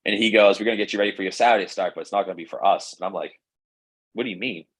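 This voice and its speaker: A young man, a pro baseball pitcher, telling his story in a casual interview, rambling with lots of fillers and quoted dialogue. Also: steady tone, rapid-fire, fairly bright tone, rough recording. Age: young adult.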